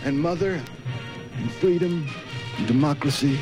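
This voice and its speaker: A man's voice: a little high, unhurried, over music, pitched above the performer's own voice, close to an everyday voice. A man voicing a dying war-movie hero with overblown melodrama. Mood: melodramatic.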